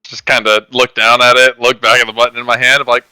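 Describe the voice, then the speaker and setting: A man's voice: mid-range voice, level tone, fast, sharp tone, clear, resonant tone, no echo, poor audio. A man playing a tabletop game, describing his character's actions in a laid-back, amused way. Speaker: player.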